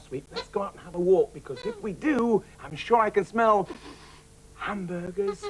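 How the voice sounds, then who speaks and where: A man presenting a children's TV show, cheerfully coaxing and chatting to puppets in a lively scripted way. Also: high-pitched, moderate pace, rough recording.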